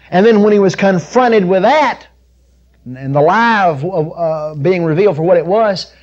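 A man delivers a sermon in a fairly high, mellow voice. He pushes hard and loud through quoted scripture, then sinks soft and low for the personal points. The recording sounds dull and lo-fi. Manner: emphatic, builds to loud peaks on scripture quotes. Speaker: preacher.

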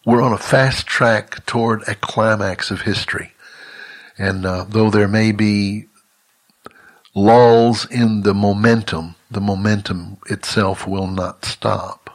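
An older man preaches with a husky, somewhat low voice. He talks earnestly and haltingly, stopping and restarting his sentences again and again. It sounds like a monthly teaching message from a ministry leader. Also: steady tone.

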